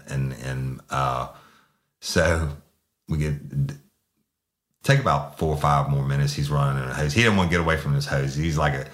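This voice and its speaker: A man, a former police sergeant, telling a crude story bluntly with lots of restarts. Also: a bass voice. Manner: blunt, profane, many restarts.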